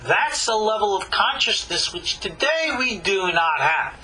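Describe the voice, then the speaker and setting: A high, very bright male voice lectures slowly and deliberately, with pauses between phrases. His pitch leaps and falls as he stresses points and puts rhetorical questions to his listeners. A faint background hum sits under the talk. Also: big pitch swings, low-quality recording. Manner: emphatic, with long dramatic pauses. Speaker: rabbi teaching a class. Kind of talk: Torah lecture.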